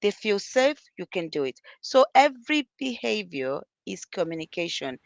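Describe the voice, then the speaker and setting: A woman's voice: on the high side, fairly bright tone, dry recording. A middle-aged woman, an early years practitioner, earnestly giving parenting advice as a panel guest and acting out talks with children. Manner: earnest, repeats key points, acts out dialogues with children.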